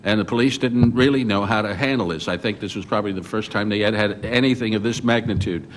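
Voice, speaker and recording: An older man on a journalists' panel, recounting his reporting memories as an animated storyteller who often restarts his sentences. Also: on the low side, fast. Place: conference hall.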